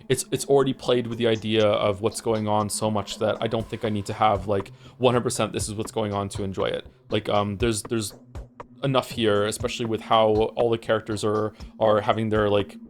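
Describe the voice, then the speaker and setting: Rambling male game streamer. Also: lowish voice. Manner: rambling, hesitant, with many fillers and restarts; swears casually when reacting to the game. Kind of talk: casual let's-play commentary.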